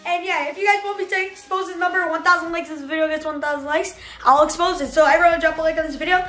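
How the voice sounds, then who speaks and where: A woman with a very high voice narrates her vlog in an excitable, dramatic manner and sometimes draws phrases out slowly. Her voice rings in an echoey room. Faint music plays underneath. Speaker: YouTuber. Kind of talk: excited vlog narration reading out text chats.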